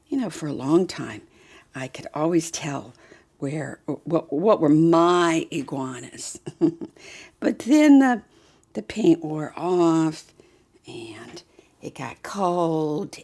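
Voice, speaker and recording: Woman vlogger, casual chat, dark mellow tone, soft cooing half-whisper. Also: low voice, gravelly. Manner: coos softly to a doll, often half-whispered. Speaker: doll collector and channel host.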